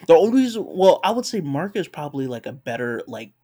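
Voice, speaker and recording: A man's voice: on the high side, sing-song, fast, warm tone. A man in casual conversation, talking hesitantly with many fillers. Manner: hesitant, lots of fillers and restarts. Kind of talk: casual chat.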